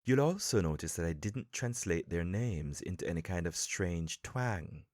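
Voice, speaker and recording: A man with a very deep voice hosts a language-learning podcast lesson. He explains in a calm, measured way, his pitch rising and falling with lively emphasis. The recording is dry and close to the mic. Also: dry recording. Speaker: podcast host and English coach.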